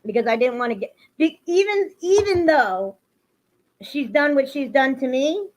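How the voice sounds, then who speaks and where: A woman running a laid-back livestream speaks to her audience with strong emotion, veering into angry ranting. She sits high in pitch, sounds animated, and talks at normal speed, all in lo-fi stream audio.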